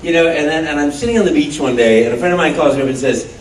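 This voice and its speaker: A man, a voice actor on a fan panel, telling a lively anecdote and acting out the other people's voices. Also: on the high side, fast, few pauses, far from the mic, a little hiss or hum. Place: large convention panel room. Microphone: phone held in the audience, far from the stage. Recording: echoey hall, phone from the audience.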